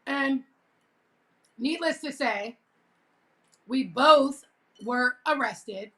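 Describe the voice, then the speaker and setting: A woman vlogger telling a childhood story in a casual, animated way, acting out quoted lines and laughing now and then. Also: high voice, very slow.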